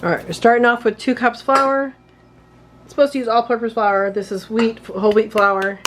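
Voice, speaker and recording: A woman's voice: on the high side, fairly even intonation, moderate pace, background noise. Chatty woman with hiccups, cooking at home. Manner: chatty, talks while working, apologizes for hiccups. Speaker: home cooking channel host. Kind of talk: casual cooking demonstration.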